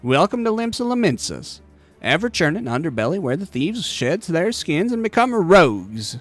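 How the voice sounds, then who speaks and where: A seasoned rogue guild leader spins his tale in a wry, knowing way, voiced by a man. His voice is fairly high and lively. Soft game music sits underneath. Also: normal speed.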